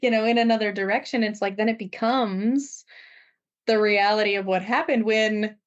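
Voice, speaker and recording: Woman, podcast co-host, medium pitch, chatty explainer, muffled lo-fi audio. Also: fairly even intonation, moderate pace. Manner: explanatory, frequent "right?" and "like" fillers. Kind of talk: conversational podcast discussion.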